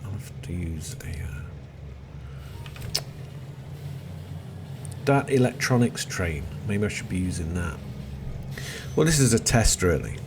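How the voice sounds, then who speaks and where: Middle aged guy chatting over a game, lowish voice, lots of ups and downs, mutters to himself, seagulls and noise in the back. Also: very animated, slow, long pauses. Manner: chatty, self-deprecating, mutters to himself while playing. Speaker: let's play host. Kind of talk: rambling gameplay commentary. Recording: noisy background with seagulls.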